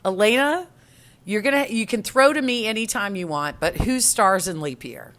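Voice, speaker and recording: Woman, middle-aged, podcast co-host, casual chat, lively swooping pitch, giggly. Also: normal speed. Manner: animated, giggly storytelling.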